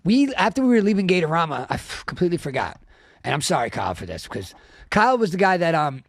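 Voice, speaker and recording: A man in his thirties co-hosts a rowdy live comedy show, telling stories in a rapid stream and swearing freely. His voice sits a bit high for a man. The sound is dry and close to the mic. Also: creaky, no echo. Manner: animated, swearing, laughing often. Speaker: podcast co-host. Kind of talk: casual comedic storytelling.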